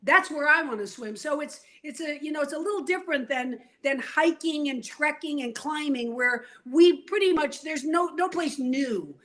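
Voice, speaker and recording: An older woman from New York, telling her story as an interview guest in a lively, vivid way. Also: high-pitched, moderate pace, hardly any pauses.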